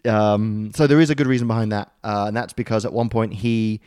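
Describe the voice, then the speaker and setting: A man's voice: on the low side, steady tone, a little fast, a little mellow, clear, resonant tone, dry recording, clean studio sound. A man co-hosting a podcast in a loose, joking way, with many ums and uhs and casual swearing. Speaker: podcast co-host explaining mythology.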